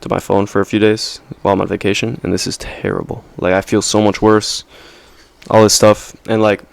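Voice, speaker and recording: Rambling young man, low dry voice. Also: level tone, a little fast, gravelly, dry recording. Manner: rambling, slangy, self-interrupting with "like" and "right?". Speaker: vlogger. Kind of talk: casual monologue to camera.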